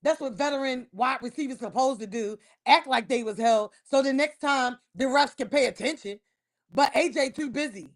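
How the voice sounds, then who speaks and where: A woman ranting about her football team on a casual livestream, heated and emphatic, repeating herself and breaking into loud outbursts. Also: high voice, moderate pace. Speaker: livestream host. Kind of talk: casual sports rant on a livestream.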